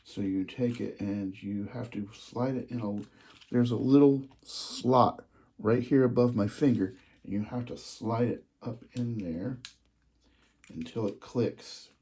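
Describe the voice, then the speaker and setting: Slow, mellow-voiced excited train hobbyist man. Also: medium pitch. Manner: excited, gushing, trails off in hushed asides. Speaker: model train hobbyist showing his collection. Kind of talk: casual hobby vlog.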